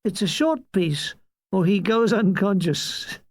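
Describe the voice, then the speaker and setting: A man's voice: high voice, takes it slowly, no room sound. A man voicing a hyperactive balding showbiz promoter in his thirties, all eager salesman patter.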